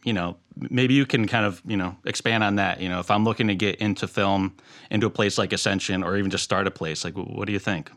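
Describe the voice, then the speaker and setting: A man hosting an audio-career podcast, asking long, relaxed questions. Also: sits low, quick pace. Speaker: podcast host. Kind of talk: casual podcast interview.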